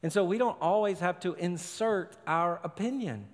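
A man's voice: sits high, normal speed. A male pastor preaching a sermon in emphatic, short, punchy phrases. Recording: long hall reverb.

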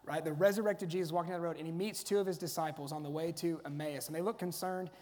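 Preacher in an echoing hall. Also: male voice, on the high side, fairly even intonation, quick pace, darkish tone. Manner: conversational, storytelling, frequent restarts. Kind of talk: sermon. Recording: long hall reverb.

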